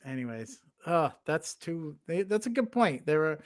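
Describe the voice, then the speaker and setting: A man from the United States co-hosting a casual chat show, talking in an animated way and laughing as he talks. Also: a little high, normal speed. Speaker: co-host.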